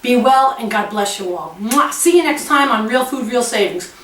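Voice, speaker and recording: A woman's voice: a little high, expressive, moderate pace, a bit bright, slight background noise. A woman hosting a home cooking demonstration in her kitchen, chatty and gushing with exclamations. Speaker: cooking show host. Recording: echoey kitchen with the mic at a distance.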